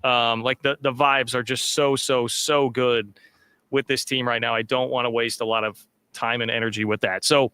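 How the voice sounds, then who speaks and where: A man's voice: mid-range voice, level tone, normal speed, pushed and bright, clear, resonant tone, no echo. A man hosting a sports podcast, chatting casually and upbeat with lots of fillers. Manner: upbeat, filler-heavy, reads sponsor plug.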